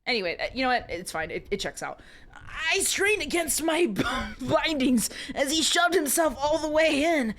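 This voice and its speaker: A woman's voice: sits high, very animated, normal speed, fairly bright tone, slight background noise. A young woman streaming live, reading a romance novel aloud to her chat with giggly, chatty asides.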